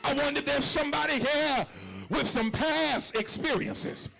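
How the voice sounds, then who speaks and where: A male pastor delivering a sermon, moving from hushed talk to shouted, sing-song preaching. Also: very high-pitched, normal speed, gravelly, soft background music, low-quality recording. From Florida.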